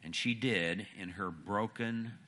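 A man's voice: on the low side, slow, bright, forceful tone. A man preaching a sermon and telling a story with emphatic, dramatic pacing.

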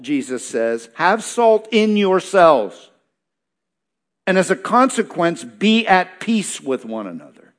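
Emphatic preaching man, fairly high voice. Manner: expository preaching, reads verses then explains, emphatic repetition. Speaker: pastor. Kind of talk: sermon.

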